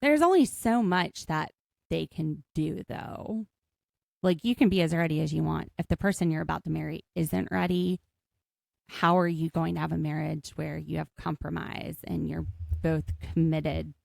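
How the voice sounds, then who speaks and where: A woman's voice: sits low, gravelly, a little mellow, no echo, studio quality. A woman co-hosting a podcast, chatting casually and joking as she recaps a show. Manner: chatty, jokey, quick asides. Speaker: podcast co-host.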